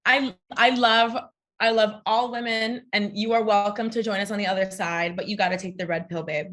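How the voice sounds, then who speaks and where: A woman's voice: mid-range voice, fairly even intonation, moderate pace, fairly bright tone. A young adult woman telling a personal story as a podcast guest, blunt, profane and sarcastic. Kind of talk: candid casual conversation.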